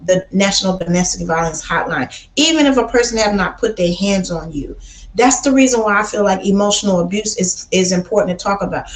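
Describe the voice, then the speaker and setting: A woman's voice: mid-range voice, reverberant, rough recording. Blunt woman streamer from Chicago. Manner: blunt, preachy, says baby a lot. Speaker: livestream host. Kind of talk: casual livestream talk.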